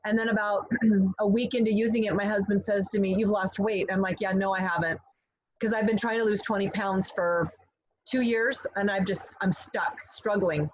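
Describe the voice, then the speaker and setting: A middle-aged woman earnestly sharing a personal testimonial over a video call, clearing her throat now and then. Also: medium pitch, fairly even intonation, moderate pace. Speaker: guest giving a testimonial. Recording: slightly dull call audio with faint hiss.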